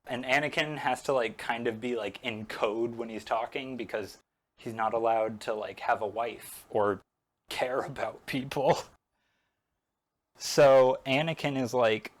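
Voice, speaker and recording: A man's voice: medium pitch, a little slow. A man casually recapping a movie while he paints, joking and rambling as he goes. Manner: joking, rambling, self-interrupting. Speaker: painting vlogger.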